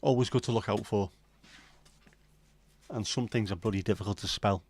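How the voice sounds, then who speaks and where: A man's voice: fairly low pitch, fairly even intonation, normal speed, darkish tone. A middle-aged man hosting a casual late-night livestream, rambling and swearing as he bants with his chat from home. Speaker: livestream host.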